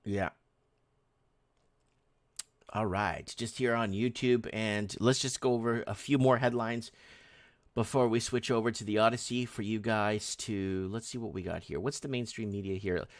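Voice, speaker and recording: A man's voice: lowish voice, fairly even intonation, moderate pace, dry recording, clean studio sound. A man hosting a casual live stream, rambling and sarcastic, reading headlines and chat messages aloud with many restarts.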